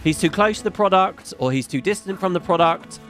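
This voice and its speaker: A man's voice: high-pitched, fairly quick, soft background music. Ranting, swearing gaming streamer man. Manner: ranting, profane, animated. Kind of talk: casual gameplay commentary.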